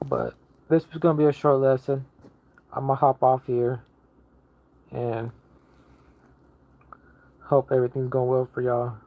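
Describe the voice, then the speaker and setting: A man's voice: mid-range voice, expressive, a little slow, long pauses. A man delivers a casual online sermon in a mid-range voice, pressing each point with emphatic repetition and frequent restarts. The recording is muffled and lo-fi. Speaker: lay preacher.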